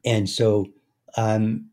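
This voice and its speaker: A man speaking as an interview guest in a slow, meditative way, often trailing into soft, quiet chanting. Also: fairly low pitch. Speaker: guest, speaker and success coach. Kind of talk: casual interview talk.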